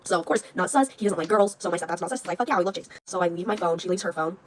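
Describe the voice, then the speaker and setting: A young woman telling a story time in casual chat, animated, swearing freely and acting out the shouting. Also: fairly low pitch, very fast, a little hiss or hum. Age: young adult.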